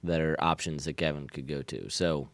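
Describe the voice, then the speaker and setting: A man's voice: very deep voice, steady tone, moderate pace, dry recording. A man co-hosting a casual talk show, rambling and filling his talk with 'like'. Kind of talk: casual chat.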